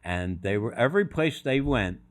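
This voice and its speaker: A man's voice: medium pitch, expressive, normal speed. An older man on a podcast as a guest, telling anecdotes and acting out other people's voices in quotes. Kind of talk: storytelling anecdotes.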